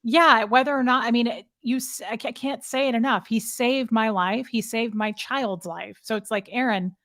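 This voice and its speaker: Candid woman guest, halting retelling. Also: a little high, fairly bright tone, no echo, studio quality. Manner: candid, emotional, halting with frequent restarts. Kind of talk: conversational interview storytelling.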